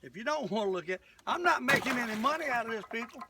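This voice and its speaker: A man's voice: extremely high pitch, expressive, fast talker, far from the mic, heavy background noise. An older man, hosting a live fishing vlog from a boat on a lake, rambling and folksy as he talks straight to his viewers. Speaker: fishing show host.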